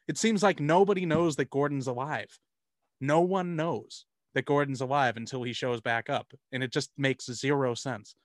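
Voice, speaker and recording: A man's voice: medium pitch, normal speed, dry recording, clean studio sound. A man hosting a casual film discussion, rambling and profane, restarting his sentences often.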